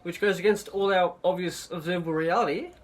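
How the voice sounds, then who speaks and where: A man talking in a halting, assertive monologue clip. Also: high-pitched, fairly even intonation. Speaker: flat earth video maker.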